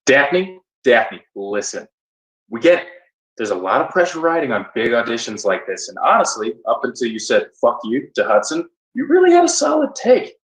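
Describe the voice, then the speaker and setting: A man playing an earnest actor who tries to calm an angry castmate on a video call. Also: medium pitch, brisk, few pauses, recorded from a distance. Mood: pleading. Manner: soothing, pleading, apologetic. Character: placating earnest actor Cliff. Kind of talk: comedic acting over video call. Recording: roomy sound from off the mic.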